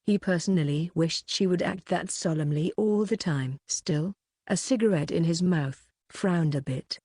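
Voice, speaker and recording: A woman narrating an audiobook with a steady, even reading. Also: on the low side, unhurried, slightly rough, no room sound, clean studio sound.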